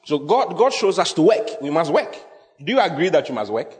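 A pastor preaching a sermon, emphatic and repetitive, often quizzing the congregation. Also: male voice, a little high, big pitch swings, fairly quick, darkish tone. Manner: emphatic, repeats key phrases, asks the congregation questions. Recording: long hall reverb.

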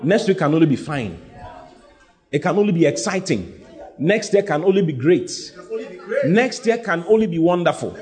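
A man's voice: a little high, big pitch swings, normal speed, pauses often. A man preaching a sermon, speaking emphatically, repeating his lines and having the congregation say them back. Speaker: pastor.

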